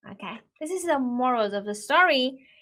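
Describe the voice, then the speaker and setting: A woman's voice: high-pitched, animated, normal speed, a bit bright. A woman with a Vietnamese accent, a native Vietnamese speaker, casually retelling a comic story in a chatty, hesitant way. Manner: hesitant, chatty, many restarts and fillers.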